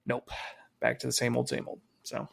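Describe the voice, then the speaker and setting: Gravelly man in casual sports chat. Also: mid-range voice, monotone, moderate pace. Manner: casual, swears freely, trails off with fillers. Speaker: podcast co-host.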